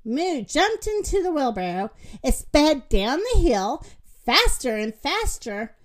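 Woman reading a picture book aloud. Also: high-pitched. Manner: slow, expressive read-aloud. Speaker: storyteller.

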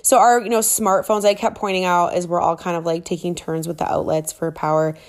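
A woman vlogging in a chatty, excitable way, full of fillers, recording in a rented apartment. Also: lowish voice, fairly quick. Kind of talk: casual travel chat. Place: rented apartment in a big city.

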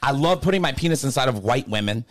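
A man's voice: medium pitch, lively intonation, fast talker. A young man talking loosely and jokingly on a casual podcast, full of slang. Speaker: podcast co-host.

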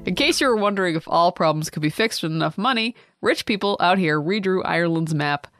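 A woman's voice: on the low side, lively intonation, a little fast, fairly bright tone, no room sound, soft background music. Wry young woman, dry close sound. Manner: wry, teasing, laughs along. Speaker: podcast co-host. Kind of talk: casual chat.

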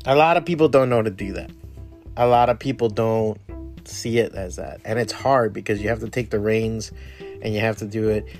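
A man's voice: on the low side, a little mellow. A man with Cuban family roots giving a blunt, rambling pep talk full of swearing. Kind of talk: casual motivational monologue.

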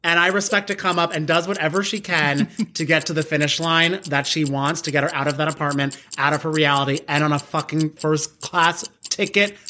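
A man guesting on a podcast, talking about a movie in a sassy, expressive way and laughing often. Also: on the high side, brisk, hardly any pauses. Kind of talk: casual chat about a movie.

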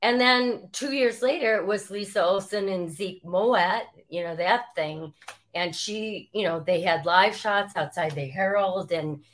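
A woman, a former sports reporter telling stories as an interview guest and acting out quotes as she goes. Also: measured pace. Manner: animated, acts out quotes with rising pitch. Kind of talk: storytelling interview.

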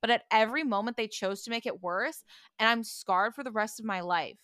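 A young woman co-hosts a casual podcast, complaining with over-the-top exasperation. Her voice is bright and a little high, with a smooth, clear tone. The recording is close and dry. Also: fairly quick, no echo. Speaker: podcast co-host. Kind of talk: casual recap chat.

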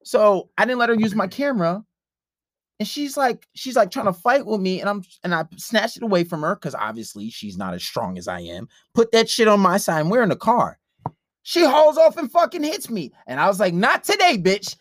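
A man's voice: high-pitched, sing-song, fairly quick, no room sound, clean studio sound. A man telling a profane story in a casual podcast chat, acting out the quotes. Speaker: podcast host.

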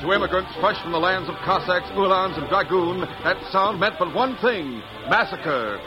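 A man's voice: high voice, expressive, moderate pace, loud music behind the voice. A man narrating a 1940s radio drama with vivid, dramatic storytelling. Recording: dull old radio, loud hiss.

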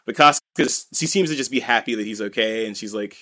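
A man's voice: on the low side, fast, sharp tone. A man co-hosting a podcast, recapping a comic in casual chat, rambling and full of "you know" and "like". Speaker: podcast co-host.

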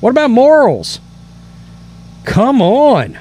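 Guy ranting on his politics channel, fired up, higher voice that swings all over, keeps tripping over his words. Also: huge pitch swings, takes it slowly, darkish tone. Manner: indignant, emphatic, repeats himself with stammered restarts. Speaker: political commentary host. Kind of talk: opinion commentary reading news.

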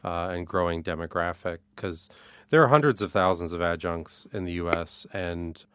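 A man's voice: deep voice, moderate pace, a bit bright, a little hiss or hum. A man being interviewed in a radio studio as a guest, an art professor explaining things earnestly with some fillers.

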